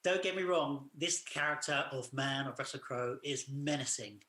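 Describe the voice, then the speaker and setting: A man with a bright, forceful voice chats casually through a film's story, rambling loosely as he goes. His voice rings out in a roomy, echoey space. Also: mid-range voice, moderate pace. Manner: loose retelling of the plot, full of "sort of" and "like". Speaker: podcast co-host. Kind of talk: casual film review chat.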